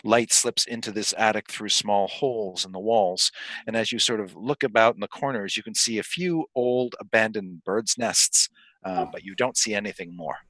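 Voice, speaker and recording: A man narrating as dungeon master in a tabletop game, amused and lively. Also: on the low side, normal speed, no room sound.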